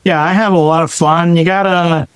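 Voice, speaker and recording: A man with a fairly high, smooth and clear voice speaks as a podcast guest. He talks bluntly, with a joking edge. The sound is dry and close. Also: fairly even intonation, moderate pace, no room sound, poor audio. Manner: blunt, joking, plainspoken storyteller. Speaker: guest, wealth manager. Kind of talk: casual interview chat.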